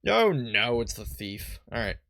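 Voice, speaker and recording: Chatty man with a lively voice. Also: medium pitch, unhurried, creaky, a little hiss or hum. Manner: rambling, joking asides. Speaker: let's play host. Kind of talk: casual game commentary. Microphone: headphones and desk mic.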